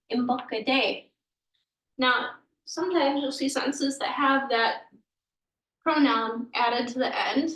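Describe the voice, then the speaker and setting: A woman teaching a language lesson, explaining grammar patiently and sounding out words slowly, sometimes correcting herself. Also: high-pitched, fairly bright tone, far from the mic. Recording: echoey room, voice a bit off mic.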